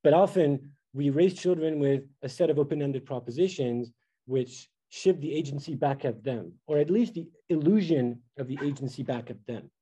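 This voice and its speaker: A man's voice: fairly high pitch, moderate pace, mellow, breathy edge, rough recording. A middle-aged man giving an academic lecture, thoughtful and full of fillers and restarts.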